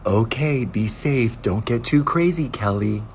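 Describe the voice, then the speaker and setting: A man doing a flat, calm husband. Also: mid-range voice, a little slow, slight background noise, voice pushed up, close to an everyday voice. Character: calm, quietly hurt husband.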